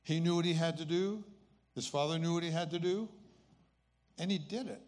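A man's voice: a little high, normal speed, a little mellow. Eighty-year-old man telling a testimony. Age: 80s. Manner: earnest, conversational storytelling. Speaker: speaker sharing a personal testimony. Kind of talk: storytelling testimony.

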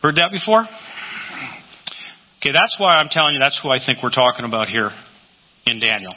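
A man preaching a sermon, telling scripture stories with lively acted-out quotes in a husky voice. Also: medium pitch, a little fast. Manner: animated storytelling, acting out scripture quotes. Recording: tinny lo-fi recording in a reverberant hall.

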